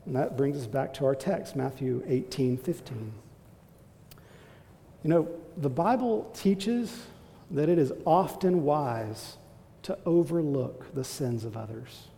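A man preaching a sermon as pastor, emphatic and exhorting, building to forceful calls to his listeners. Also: medium pitch, animated, slow, vocal fry, big-room sound, slight background noise.

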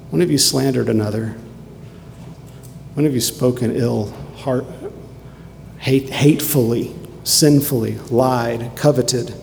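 A man's voice: mid-range voice, a little slow, gravelly, long pauses, a little mellow. Fervent male preacher in reverberant hall. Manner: fervent, emphatic preaching with dramatic repetition. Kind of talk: sermon. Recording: long hall reverb, faint noise.

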